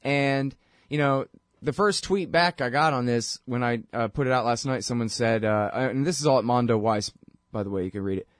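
A man's voice: medium pitch, normal speed, no echo, clean studio sound. A man hosting a political talk show, talking casually and rambling, and he mocks voices when he quotes people. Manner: rambling and conversational, mocking voices when quoting.

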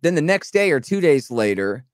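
A man's voice: fairly high pitch, normal speed, no echo, studio quality. A man co-hosting a casual political podcast, rambling and sarcastic, acting out mocking quotes as he tells a story. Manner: rambling, sarcastic, animated retelling with mock quotes. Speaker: podcast co-host.

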